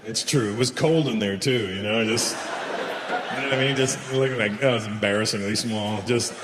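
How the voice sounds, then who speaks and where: A man's voice: on the low side, moderate pace. Comedian guy doing a stand-up bit, switching voices for the dialogue, roomy live hall sound, faint background hum. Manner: storytelling with acted dialogue and crude jokes. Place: large live venue with laughing audience.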